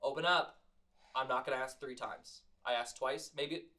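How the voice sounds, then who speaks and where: A man's voice: mid-range voice, normal speed, pushed and bright, lightly acted. A man voicing a snobby, impatient young woman ranger who works as a caretaker and barks curt demands.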